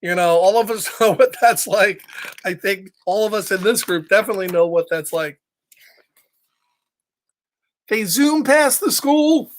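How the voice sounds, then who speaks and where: A man reads a picture book aloud to young children, lively and chatty. He breaks off now and then to ask his listeners questions. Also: high-pitched. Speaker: storytime reader for children.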